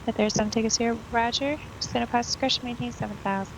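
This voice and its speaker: A woman working as air traffic controller, giving brisk, clipped radio calls. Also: a little high, steady tone.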